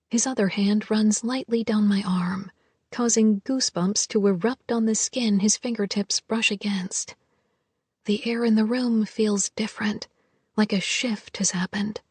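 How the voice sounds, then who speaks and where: A woman narrating a first-person romance audiobook in a soft, hushed, intimate way. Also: medium pitch, breathy edge, no echo.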